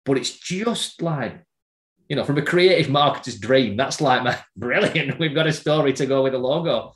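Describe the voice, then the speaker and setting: A middle-aged man telling a personal story in casual conversation, halting and repeating words as he remembers. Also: medium pitch, roomy sound. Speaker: guest.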